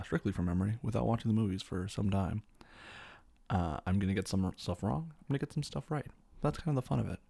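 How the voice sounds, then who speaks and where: Low gravelly man rambling casually. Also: dark tone. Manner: rambling, with many fillers and self-corrections. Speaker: podcast host. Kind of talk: casual retelling of a film from memory.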